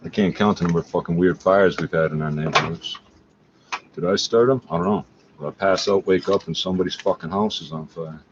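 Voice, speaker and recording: A man with a lowish voice rants on and on, swearing and agitated, and drifts from point to point as an internet radio host. The recording is dull and lo-fi, with a faint hiss of background noise. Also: fairly quick. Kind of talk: profane rambling monologue.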